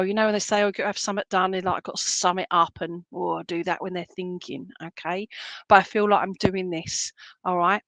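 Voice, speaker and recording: A woman works as a medium, giving a reading in a loose, searching way with many ums and restarts. Her voice sits at a middling pitch. The recording is close and dry, with no room sound. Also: fairly bright tone, dry recording. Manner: halting, searching, full of fillers and restarts; relays spirit messages in a chatty, jokey way. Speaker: spiritualist medium. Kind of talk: clairvoyant reading in an online church service.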